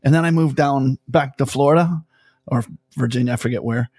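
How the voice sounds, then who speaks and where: A man's voice: medium pitch, a little fast, darkish tone, breathy edge, no room sound, clean studio sound. A middle-aged man co-hosting an interview, chatty and trading anecdotes with the guest. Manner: chatty, anecdotal, laughs along. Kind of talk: casual interview chat.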